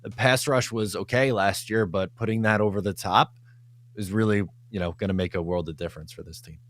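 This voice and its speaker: A man on a podcast panel, talking in a measured, casual way. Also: lowish voice. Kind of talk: casual chat.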